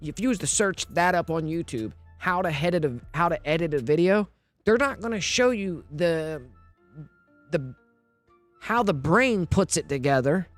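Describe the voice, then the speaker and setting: A man's voice: fairly high pitch, lively intonation, normal speed, faint music behind. A man streaming live, rambling and thinking aloud in casual talk, often repeating himself and asking if you know what he means.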